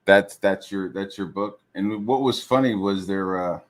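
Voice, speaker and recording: Streamer, male, deeper voice, heated swearing rant, mocks others. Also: unhurried. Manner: heated, swears constantly, full of fillers. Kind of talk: profane rant.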